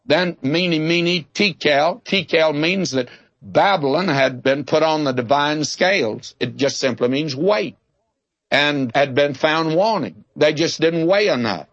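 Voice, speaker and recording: A man's voice: a little high, a little slow, fairly bright tone, no room sound, highs cut off. An older man giving a folksy, conversational Bible teaching, drawing out key words for emphasis and telling humorous anecdotes.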